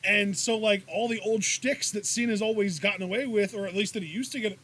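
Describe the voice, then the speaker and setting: A man co-hosting a casual wrestling review podcast, excitable, laughing and swearing as he talks. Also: high voice, brisk. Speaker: podcast co-host.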